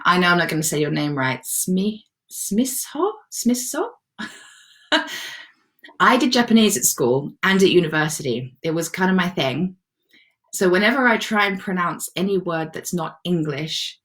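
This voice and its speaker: A woman's voice: lowish voice, moderate pace, fairly bright tone. A woman hosting a live self-love session, chatting casually and encouragingly as she reads out viewers' comments. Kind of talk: casual live-stream chat.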